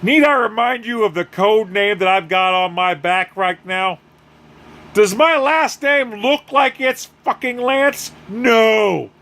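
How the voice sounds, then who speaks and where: A man's voice: high voice, bright, forceful tone, voice pushed up, exaggerated voice. A man voicing a furious, tough female vigilante in a profane, scolding rant.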